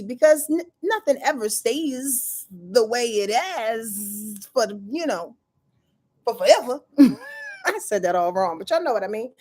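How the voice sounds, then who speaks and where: A woman's voice: on the high side, expressive, a little slow, dark tone. A woman astrologer talks through her weekly forecast in a casual, slangy way. She speaks right to her viewers, throws in swear words and laughs here and there.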